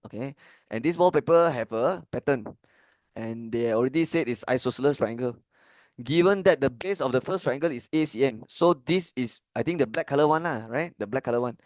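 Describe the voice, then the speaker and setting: A maths tutor with a Malaysian English accent walks casually through an exam paper, often checking "okay?" and slipping into Malay phrases. His mid-range voice is brisk and a little mellow, and the recording is dry.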